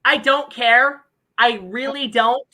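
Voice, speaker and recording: A woman's voice: on the high side, steady tone, slow, pushed and bright, low-quality recording. A woman hosting a stream, chatting casually, joking and rambling with a lot of swearing. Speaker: stream host. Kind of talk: casual chat.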